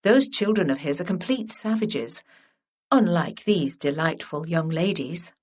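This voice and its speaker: Woman doing a suave nobleman, dropped low, chatty and easy, slow delivery. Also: lively intonation. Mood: teasing. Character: deep-voiced charming male lord, teasing.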